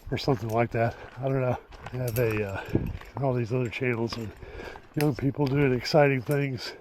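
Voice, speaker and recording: An older man narrating his own hike on a rocky desert trail, talking slowly with pauses and fillers, breathing hard and joking about himself. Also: medium pitch, darkish tone, slight background noise. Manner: slow, unhurried, self-deprecating, with many pauses and fillers. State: out of breath from hiking. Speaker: hiking vlogger. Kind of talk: casual hiking vlog narration. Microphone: handheld or body camera mic while walking.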